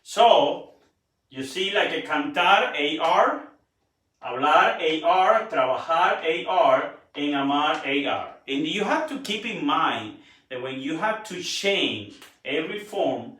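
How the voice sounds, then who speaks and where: Teacher with a bright echoey voice. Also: male voice, on the high side, animated, slow, recorded from a distance. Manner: broken English with Spanish words spoken natively. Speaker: Spanish teacher. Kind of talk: classroom lesson. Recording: echoey room, voice from off mic.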